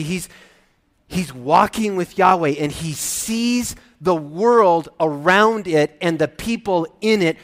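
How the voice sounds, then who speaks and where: A male preacher with a high-pitched voice delivers an expository sermon. His delivery is animated, swinging between hushed emphasis and louder, lifted phrases.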